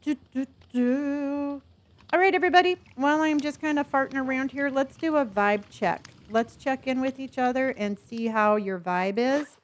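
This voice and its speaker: High-pitched and barely pausing, this woman talks at a moderate pace. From California, she has a mostly neutral accent with a slight Southern lilt, and she chats casually and warmly with her stream's chat and her pets.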